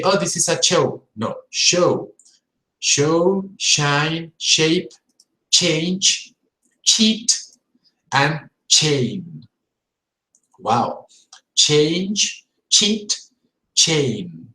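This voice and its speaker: Man teaching, echoey room. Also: mid-range voice. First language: Spanish. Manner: demonstrative, repeats sounds and words, checks in with viewers. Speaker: English teacher. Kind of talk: live-streamed pronunciation lesson.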